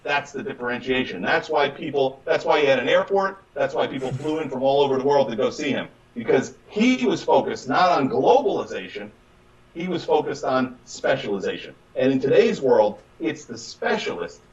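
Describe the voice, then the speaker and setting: A man coaching on chiropractic business in an emphatic, conversational way, acting out patients and doctors in quick little voices. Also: mid-range voice, expressive, distant mic, lo-fi sound. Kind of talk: animated conversational advice.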